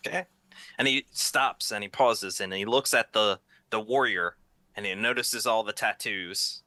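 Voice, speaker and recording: A man's voice: lowish voice, measured pace, pushed and bright, dry recording. A man narrating a tabletop game as game master, hesitant and often repeating words.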